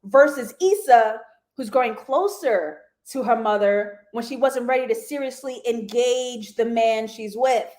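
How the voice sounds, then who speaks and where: A young woman hosting a live TV review, talking straight to her viewers in a loose, slangy way. Her voice sits a little high for a woman. She laughs often and tosses in asides as she breaks down the episode. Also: a little slow, darkish tone. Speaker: TV review show host. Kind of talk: casual live review chat.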